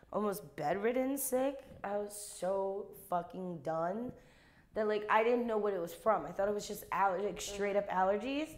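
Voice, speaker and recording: A young woman co-hosting a podcast in casual chat, an animated storyteller who swears freely and laughs mid-sentence. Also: mid-range voice. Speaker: podcast co-host.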